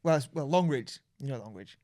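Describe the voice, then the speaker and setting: A man's voice: mid-range voice, expressive, a little mellow, no echo, clean studio sound. Man talking reflectively. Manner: reflective, halting with restarts. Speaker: podcast co-host. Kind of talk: casual chat.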